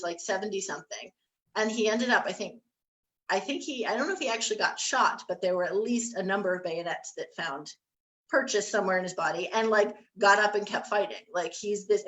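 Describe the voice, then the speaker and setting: A woman on a history panel, chatting easily through stories with plenty of ums and restarts. Her pitch sits at an ordinary middle level for a woman. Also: a bit bright, low-quality recording. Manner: chatty storyteller, many fillers and restarts. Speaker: historic site staff panelist. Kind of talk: casual panel discussion.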